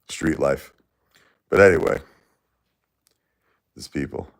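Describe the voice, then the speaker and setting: A man hosting a casual livestream, talking emphatically and repeating himself, swinging between loud and quiet. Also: a bass voice, extremely slow. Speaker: livestream host.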